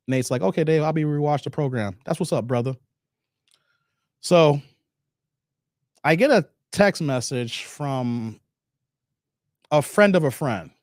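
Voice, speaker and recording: This live-stream host has a fairly high voice, captured in studio quality with no room sound. Reacting to videos and chat, he reads viewers' messages and talks to them directly in slang, saying "man" and "guys" nearly every sentence.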